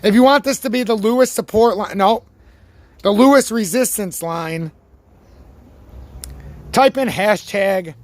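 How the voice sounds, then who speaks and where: A slightly high-voiced man with a worn-out voice rants through his crypto chart breakdown. He swears freely and leans on sports comparisons, talking in a loose, fired-up way. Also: measured pace, pauses often. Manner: ranting, swears freely, animated sports analogies. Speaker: crypto chart analyst, channel host. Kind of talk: casual profane market commentary.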